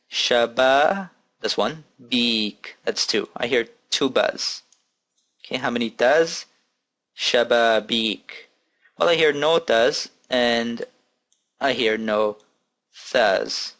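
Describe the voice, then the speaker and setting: A man teaching an Arabic lesson, repeating each word slowly and patiently and counting its letters aloud. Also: medium pitch, a bit bright. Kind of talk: recorded language lesson.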